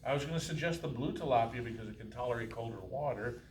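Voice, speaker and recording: A man's voice: mid-range voice, quick pace, close to an everyday voice. A man voicing an awkward, overly polite young male shop clerk at a live reading. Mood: eager. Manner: polite, fumbling, overly helpful. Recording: roomy, distant, faint hiss.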